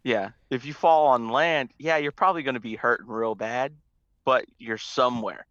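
A man's voice: mid-range voice, normal speed, fairly bright tone, no echo, lo-fi sound. A man from California with a Californian accent, co-hosting a casual podcast with laid-back joking banter. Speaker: podcast co-host. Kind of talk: casual chat.

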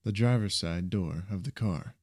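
A man narrating a story in a steady, even reading voice. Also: deep voice, normal speed, no echo, studio quality.

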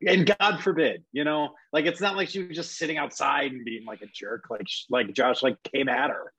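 A man's voice: medium pitch, fairly quick, bright, forceful tone, breathy edge, no room sound, low-quality recording. Ranting man on a dry podcast mic. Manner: emphatic ranting with lots of "like" and "dude". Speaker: podcast co-host. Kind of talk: casual podcast chat.

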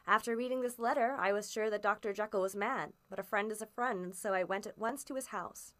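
A woman reading a classic story aloud as a first-person narrator, steady and expressive in emphasis. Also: medium pitch, a little fast, few pauses. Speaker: audiobook reader.

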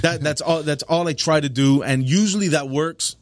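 A man's voice: on the high side, moderate pace, no room sound, clean studio sound. A man in his thirties, a stand-up comedian, telling profane stories in a casual podcast chat. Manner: profane, storytelling, laid-back.

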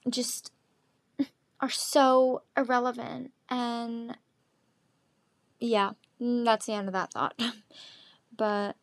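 A woman's voice: fairly high pitch, no echo. Woman in her 20s rambling on her solo podcast, tons of ums and likes, dry close sound. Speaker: podcast host. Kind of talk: casual solo chat.

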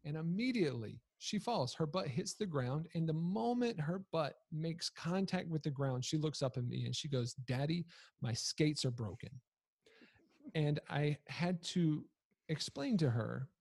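A man in his thirties recounts a family story with a husky voice. He talks loosely and conversationally, with fillers and self-corrections, and finds the humor in it. The sound is dry and close. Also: on the high side, expressive, normal speed, darkish tone, no echo. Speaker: storyteller, father. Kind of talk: casual personal storytelling.

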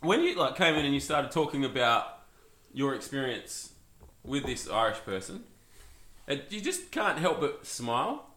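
A man co-hosting a relaxed podcast chat. He sounds bright and forward, and he often drifts into fillers and easy laughs. His voice carries a noticeable echo from the room. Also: medium pitch, moderate pace. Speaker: podcast co-host. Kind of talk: casual chat.

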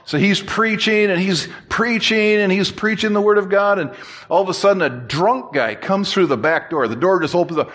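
A man preaching a sermon as pastor, telling a story in a lively, joking way and repeating phrases for emphasis. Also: sits high, moderate pace. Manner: animated, jokey storyteller who repeats and restarts phrases.

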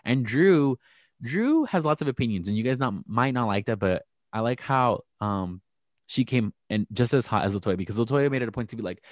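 A man's voice: mid-range voice, expressive, brisk, no room sound, clean studio sound. A young man hosting a casual recap chat, gossipy and chatty, full of fillers. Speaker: podcast host.

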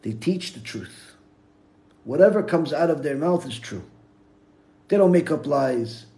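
A man, a rabbi, giving a Torah lecture in English sprinkled with Hebrew terms, telling stories with big swings from hushed to loud. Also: fairly high pitch, expressive, unhurried, creaky.

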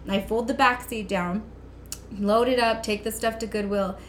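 A woman, probably in her thirties, telling a long personal story in a casual, animated way and laughing often. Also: on the high side, normal speed, a little hiss or hum. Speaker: guest.

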